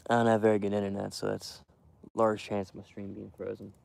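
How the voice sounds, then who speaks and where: A young man quietly rambling to his live stream while hunting outdoors in the cold wind, full of fillers and restarts. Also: on the low side, completely flat delivery, brisk, creaky. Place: outdoors in a windy field edge.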